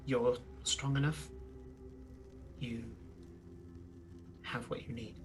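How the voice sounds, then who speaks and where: A man voicing a calm, wise older female patron in a tabletop game, speaking softly and measured. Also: medium pitch, over music, voice pushed down, lightly acted. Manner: soft, measured, quiet.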